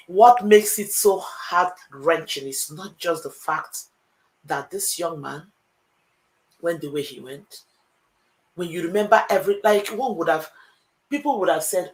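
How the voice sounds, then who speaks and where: A woman, speaking as a panelist in an online discussion, earnest and halting with many fillers. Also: lowish voice, expressive, low-quality recording.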